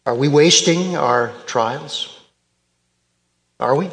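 High-voiced, slow preaching man in a hall. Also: fairly bright tone. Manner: emphatic preaching with repeated phrases. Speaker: pastor. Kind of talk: sermon.

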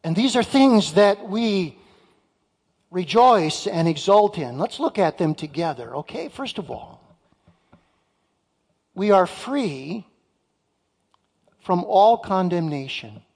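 A male pastor delivers a sermon in a church sanctuary. His pace is slow and deliberate, and he leans hard on key words and asks the congregation direct questions. His voice rings with the long reverb of a large hall. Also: high-pitched, very animated, darkish tone.

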